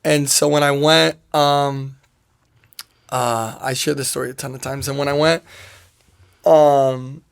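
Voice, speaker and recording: A man's voice: medium pitch, fairly even intonation, slow pace, gravelly, pauses often, clear, resonant tone. A young man, a soccer player guest in an interview, telling a personal story in a rambling way, full of "like" and quoted asides.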